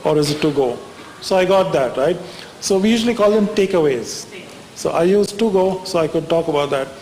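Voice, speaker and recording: In a reverberant conference hall with a faint hiss in the background, a man gives a wry, chatty talk, often pausing to ask the audience "right?". He speaks briskly in a high-pitched, darkish voice.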